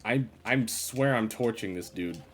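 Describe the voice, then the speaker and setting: A man's voice: fairly low pitch, unhurried. A man streaming live gameplay commentary, grumbling in an exasperated, sarcastic way.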